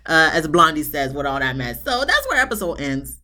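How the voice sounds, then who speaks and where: Woman, young adult reviewer, lively sassy recap voice, big pitch swings. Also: moderate pace, few pauses. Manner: animated, sassy, jumps into high mock voices. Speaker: reality TV reviewer. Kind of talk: casual episode recap.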